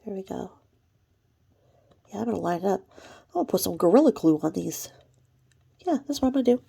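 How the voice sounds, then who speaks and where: A woman's voice: medium pitch, lively intonation, fairly quick, gravelly, dark tone, breathy edge. A woman hosting her own channel, talking to camera in a chatty, rambling way and now and then dropping to a whisper. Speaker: channel host. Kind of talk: casual vlog commentary.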